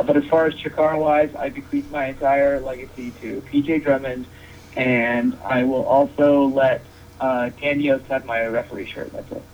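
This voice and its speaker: A man guesting as a wrestling referee on a casual podcast, joking and rambling with many restarts. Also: medium pitch. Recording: dull lo-fi sound with faint noise.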